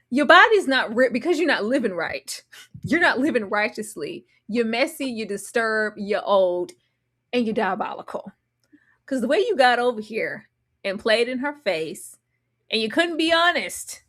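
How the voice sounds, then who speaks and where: A woman giving casual, slangy commentary as a reality TV reviewer, animated and sassy, with sudden loud outbursts. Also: fairly high pitch, a little slow.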